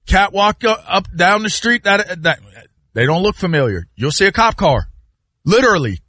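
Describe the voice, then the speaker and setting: Brief: man, fairly high and bright, very animated storyteller, dry sound. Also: normal speed, no room sound. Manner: animated storyteller, loud sudden shouts. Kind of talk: casual chat.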